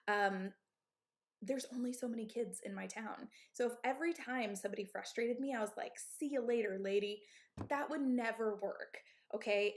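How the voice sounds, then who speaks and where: A woman in her thirties who owns and coaches at a gym, giving candid, emphatic advice on a live stream. She often checks in with "okay?" and "right?". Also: fairly high pitch. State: out of breath.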